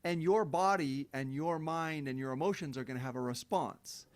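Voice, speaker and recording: A man's voice: on the high side, moderate pace. Blunt, profane man ranting in monologue. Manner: blunt and profane, heated emphatic rants; mocks others in sing-song quoted voices. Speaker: self-help speaker. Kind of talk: unscripted monologue.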